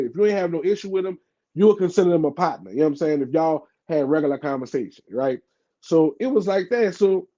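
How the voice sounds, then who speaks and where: Animated New Orleans man telling a story. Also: high voice. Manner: animated, acts out quoted voices, heavy fillers. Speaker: podcast guest. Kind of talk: casual storytelling interview. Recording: dull lo-fi podcast audio.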